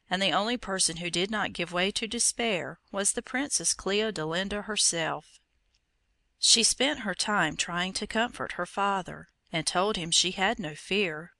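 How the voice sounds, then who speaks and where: A woman reading an old fairy tale aloud in a measured, expressive storytelling manner. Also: fairly low pitch, creaky, no echo. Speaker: narrator.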